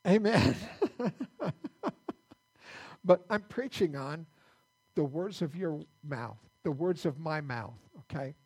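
A male pastor giving a conversational sermon in a church, halting and repeating words as he restarts his sentences. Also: fairly high pitch, a little mellow, breathy edge.

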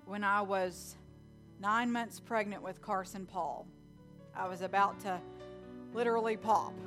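A young woman preaching a sermon in church, emphatic and slowly repeating key lines. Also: medium pitch, fairly bright tone.

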